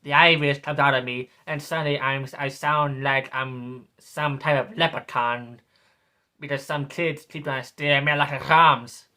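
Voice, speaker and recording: A man's voice: medium pitch, fairly even intonation, normal speed, sharp tone. A man in his twenties delivering a sneering, repetitive political rant as a vlogger. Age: 20s. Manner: sneering, ranting, repeats himself.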